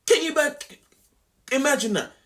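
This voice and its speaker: A young man telling a story to camera in an animated, slangy, repetitive way. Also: very high voice, measured pace. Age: young adult. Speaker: vlogger.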